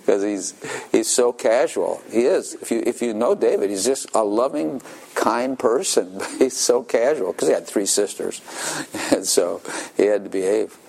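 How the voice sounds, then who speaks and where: A man's voice: fairly low pitch, creaky, a little mellow. An older man preaching a sermon in a folksy storytelling manner, chuckling often.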